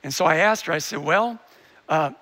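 A man's voice: on the high side, moderate pace, pushed and bright. A male pastor preaching a sermon, earnestly telling a story and often restarting his sentences.

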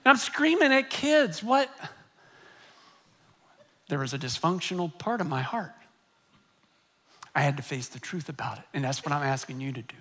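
A middle-aged man, a pastor telling a personal story in a sermon, animated and swinging between loud and hushed. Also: mid-range voice, fairly quick.

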